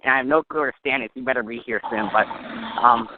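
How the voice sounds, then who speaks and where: A man's voice: medium pitch, quick pace, very noisy. A man hosting a joking call-in comedy show, mock-serious and teasing, with a cold. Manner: mock-serious, teasing, laughs at his own jokes. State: has a cold. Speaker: host. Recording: tinny, dry phone-line audio.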